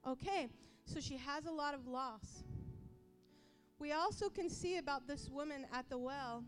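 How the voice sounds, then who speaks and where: A woman preaching a sermon with passion, acting out quoted voices and rising to yelling at times. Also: high voice, a little slow, soft background music.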